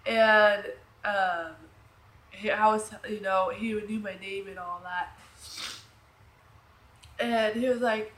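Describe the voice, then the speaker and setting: A woman in her thirties tells a personal story to the camera. Her voice sits at an ordinary middle pitch, and she rambles and restarts with plenty of "um" and "like". The room is echoey, with a faint hiss underneath. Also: flat delivery, unhurried, fairly bright tone. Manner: rambling, emotional, many fillers and restarts. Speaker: vlogger. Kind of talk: casual storytelling.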